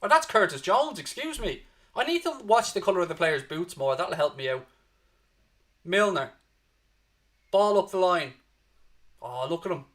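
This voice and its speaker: A man with a Dublin Irish accent hosting a fan watchalong, giving animated live match commentary and chatting with viewers, swearing freely and urging positivity. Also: sits high, moderate pace, pauses often. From Ireland.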